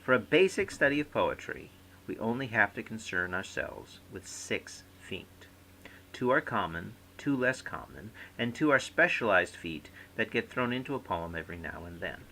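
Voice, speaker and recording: A man giving a recorded lecture, explaining terms clearly and stressing syllables in his example words. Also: on the low side, sharp tone, slight background noise, poor audio.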